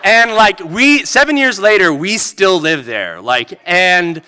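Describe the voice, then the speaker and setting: A man performing a live story on stage into a microphone, animated and full of "like". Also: high-pitched, takes it slowly, clean tone. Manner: animated, peppered with "like". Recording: long reverb of a venue hall.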